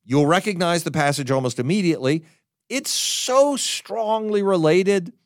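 A man preaching a sermon, emphatic and animated, often stumbling and restarting his words. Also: high voice, measured pace, dry recording, clean studio sound. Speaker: pastor.

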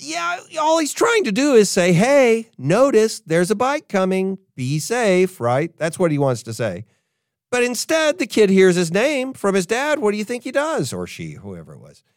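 An older man preaching a sermon, telling a personal story in an animated way and acting out what people say. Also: high-pitched, normal speed, no echo, studio quality. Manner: animated storyteller, acts out quotes. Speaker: pastor.

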